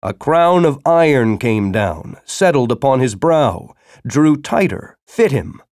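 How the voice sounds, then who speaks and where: A man's voice: mid-range voice, sing-song, slow pace, no echo, clean studio sound. Dramatic male audiobook narrator. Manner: dramatic, shifts into urgent shouting dialogue.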